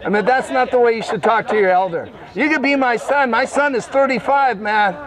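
An older man preaching in the open air, fervent and scolding, often shouting at his listeners. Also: very high voice, fairly quick, a crowd in the background, rough recording. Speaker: street preacher. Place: city street outdoors.

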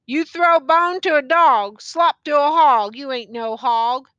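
A woman reading an audiobook, voicing a grieving elderly woman who pleads in a slow, drawn-out way. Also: fairly bright tone, dry recording, dull audio. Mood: pleading. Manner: slow, drawn-out pleading with rising high pitch.

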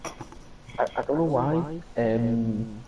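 Man, crude joking gamer, swearing, loud crowd noise behind. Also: mid-range voice, very slow, low-quality recording. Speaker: live-stream gamer. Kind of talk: casual gaming chat.

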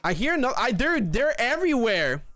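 A man's voice: extremely high pitch, normal speed, dry recording. A man streaming a horror game, talking to his chat and shrieking whenever something scares him. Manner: excitable, shrieks when scared. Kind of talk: live gameplay commentary.

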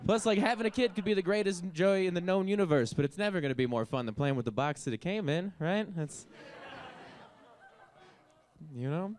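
A man's voice: sits high, lively intonation, brisk, pauses often, darkish tone. A young man doing a stand-up comedy set on stage, offhand and rambling, full of fillers. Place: comedy stage with a live audience.

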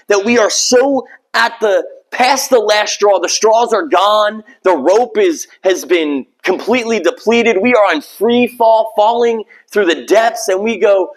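A pastor delivers a sermon in a relaxed, conversational way, poking fun at himself as he goes. His male voice sits fairly high. He slips into little acted-out voices when he quotes people. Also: slightly rough, poor audio. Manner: conversational, self-deprecating, acts out quoted voices.

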